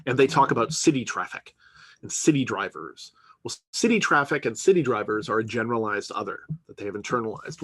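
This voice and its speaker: A man's voice: mid-range voice, fairly bright tone, slightly rough. A man giving a conversational university lecture, often checking in with "right?" and filler words. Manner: conversational, peppered with "right?" and "you know".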